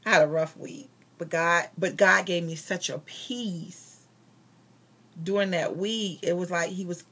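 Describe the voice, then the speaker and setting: A woman's voice: on the low side, breathy edge. A woman telling a personal church story in casual storytelling style, acting out the dialogue. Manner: animated retelling with quoted dialogue. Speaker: vlogger sharing a testimony.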